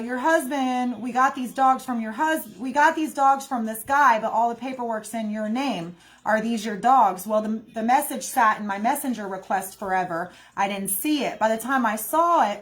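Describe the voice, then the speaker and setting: A young woman talking casually to her viewers, rambling and indignant, often saying "y'all". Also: fairly high pitch. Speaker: livestream host. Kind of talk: candid casual monologue.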